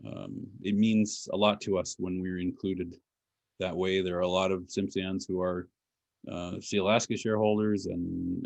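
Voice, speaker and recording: A deep, slightly mellow male voice with vocal fry and no room sound. He's a language teacher from Alaska giving a patient lecture with audience questions, walking through pronunciation step by step with dry, self-deprecating humor.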